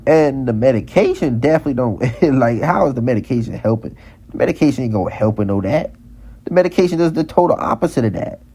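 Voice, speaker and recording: A vlogger's fast, expressive voice is mid-range, dark, and husky. He rants heatedly in a monologue, repeating lines over and over and stammering through restarts.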